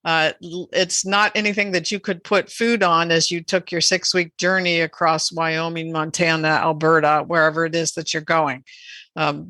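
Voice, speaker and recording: A woman guest on a podcast interview, explaining in a measured, earnest way. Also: low-pitched, pushed and bright, no echo. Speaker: animal rights advocate guest.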